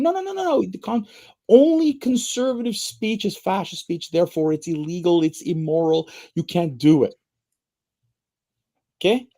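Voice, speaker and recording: A man's voice: high voice, moderate pace. A man co-hosting a political talk show, delivering heated commentary with lots of repeated words and stammers. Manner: animated, repeats words and stammers when fired up. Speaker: podcast co-host.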